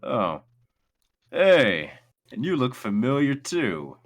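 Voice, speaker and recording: A man's voice: mid-range voice, big pitch swings, takes it slowly, voice pushed up. A man voicing a sleepy, easygoing male naval officer in a tabletop game, with a laid-back drawl. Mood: drowsy.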